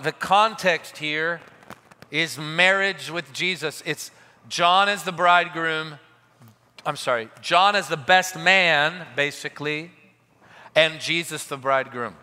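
High bright-voiced preacher in a reverberant hall. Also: male voice, measured pace. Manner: builds from quiet asides to loud emphatic declarations; call-and-response with the congregation. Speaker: pastor. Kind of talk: sermon. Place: large church hall at a live service. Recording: long reverb of a large hall.

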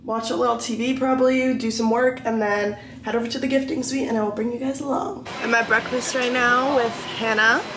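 A woman's voice: fairly high pitch, steady tone, a little fast, hardly any pauses, background noise. A young woman vlogging casually to her phone camera, gushing and upbeat as she talks through her festival trip. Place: festival trip: hotel, pool, outdoors.

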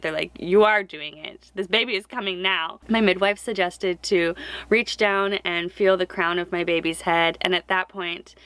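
A woman's voice: mid-range voice, bright, forceful tone, smooth, dry recording. Emotional young woman telling a personal story. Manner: emotional, heartfelt, close to tears. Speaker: vlogger. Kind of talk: personal story told to camera.

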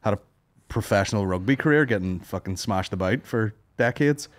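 A man's voice: fairly low pitch, fairly quick. A young man with a Northern Irish accent, co-hosting a comedy podcast and telling rambling, sweary stories. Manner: rambling storyteller, swears a lot, puts on voices for quotes. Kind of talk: casual banter.

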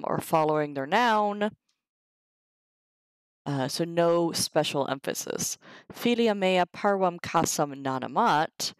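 A woman reading through a Latin textbook on a live stream, sounding out the Latin slowly and chatting casually to viewers between sentences. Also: deep voice, no room sound, poor audio. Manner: reads Latin aloud slowly, chatty asides. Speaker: streamer teaching herself Latin.

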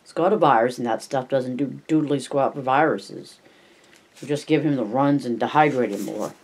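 A weary doctor and father in a storybook, read by a man in close to his own voice, clipped and short-tempered. He keeps his words low and muttering, barely holding back his anger. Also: normal speed, breathy edge. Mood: curt.

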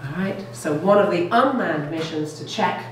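A middle-aged woman lecturing on science to the public sounds keen and chatty, her low voice expressive at normal speed. She keeps checking in with "okay?" and "all right?" in a very echoey room recorded through a distant mic with faint noise.

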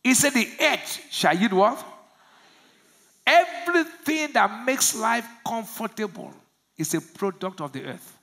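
A pastor from Nigeria preaching a sermon, asking the congregation to finish his lines and swinging from low murmurs to loud shouts. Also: expressive, unhurried, slightly rough. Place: church service.

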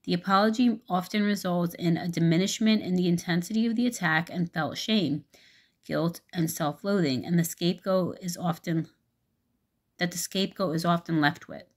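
A woman telling a personal story in a casual vlog, rambling and halting with many fillers, and swearing frankly. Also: lowish voice.

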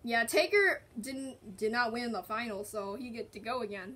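A woman hosting a gaming video, excitedly reacting to a match and chatting in voices for her stuffed animals. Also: fairly high pitch, normal speed. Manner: excitable, squealing and groaning at the game. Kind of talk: playful game commentary with toy voices.

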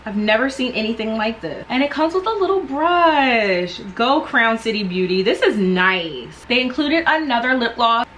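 A woman vlogger excitedly unboxing products and gushing over each item. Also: a little high, normal speed, few pauses, a little hiss or hum, low-quality recording. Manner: gushing, enthusiastic.

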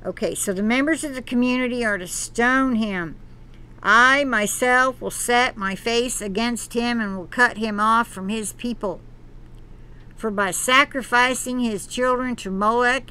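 A woman's voice: on the high side, bright, forceful tone, smooth. A woman hosting her own channel, reading an article aloud and breaking off into earnest, preachy comments. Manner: earnest, preachy asides between read passages; halting, with restarts. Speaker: channel host.

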